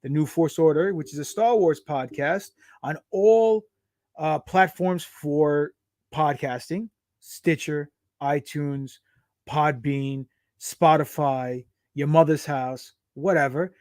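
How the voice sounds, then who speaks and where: A pro wrestler from the United States chats casually as an interview guest, cracking jokes, swearing freely and sounding brash. He speaks slowly with a fairly high, darkish voice, and the studio-quality recording has no echo.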